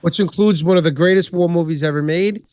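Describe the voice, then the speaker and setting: High-voiced, profane rambling man. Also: fast, darkish tone, clean tone, no echo, studio quality. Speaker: podcast host. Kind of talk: casual chat.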